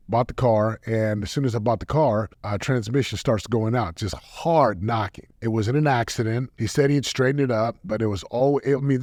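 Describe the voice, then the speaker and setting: A man in his thirties hosts a podcast and tells his personal stories in a lively way, acting out each line of dialogue. His voice sits at a middle pitch and is recorded very dry, with no room sound at all. It comes across as a motivational talk. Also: no room sound. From United States. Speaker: podcast host. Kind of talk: motivational storytelling monologue.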